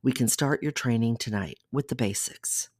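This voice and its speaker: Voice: medium pitch, moderate pace, a little mellow, dry recording, clean studio sound, close to an everyday voice. A reader voicing an intense, controlling young man. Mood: persuasive.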